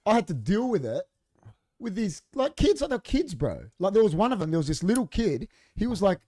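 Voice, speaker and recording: A podcast co-host talks a little fast in a high voice, recorded in a studio. Casual and profane, he tells an animated story and performs the quoted dialogue himself.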